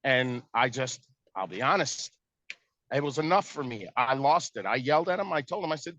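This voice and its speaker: A man's voice: fairly high pitch, lively intonation, fairly quick, bright, forceful tone, dry recording. A man telling a family argument in casual, exasperated storytelling, acting out what was said. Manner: exasperated, retells arguments with quoted dialogue. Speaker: stepparent telling a family conflict. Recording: dull lo-fi dry recording.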